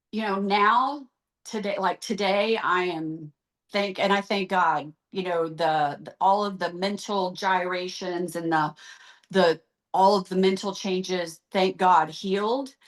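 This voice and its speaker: A woman's voice: medium pitch, fairly even intonation, takes it slowly. A middle-aged woman, a guest on a podcast interview, speaking earnestly and with emotion, rattling off long lists of terms.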